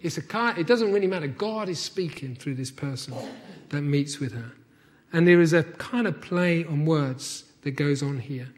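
A man preaching a sermon, swinging between hushed, intimate phrases and emphatic, repeated calls. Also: a little high, moderate pace.

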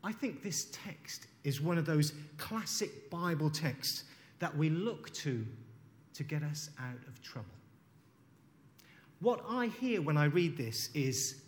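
A man's voice: on the high side, very animated, a little slow. A man preaching a sermon, reflective, reading scripture aloud and unpacking it. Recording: long hall reverb.

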